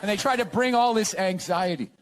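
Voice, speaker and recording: A man's voice: high voice, fairly quick. A man talking in a casual interview, sarcastic and ranting, laughing often as he tells stories. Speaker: comedian guest.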